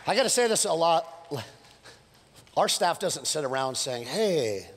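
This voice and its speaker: A male pastor preaching a sermon, telling stories with playful asides and building to fired-up calls, his voice a little hoarse from preaching several services. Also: on the high side, normal speed, a little hiss or hum. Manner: animated, storytelling with playful asides and rising exhortations. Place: church sanctuary. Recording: long church hall reverb.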